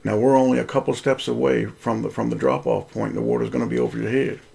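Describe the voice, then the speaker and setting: A man voicing a loving young father, speaking gently and reassuringly to his small son in a story reading. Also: mid-range voice, fairly even intonation, fast, vocal fry, slightly rough. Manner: gentle, soothing.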